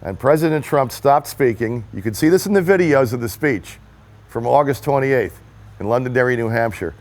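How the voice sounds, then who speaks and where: A man with a medium-pitched voice and lively intonation talks at a moderate pace, earnestly and emphatically telling a personal story to the camera. He speaks as a supporter at a political rally, giving a testimonial.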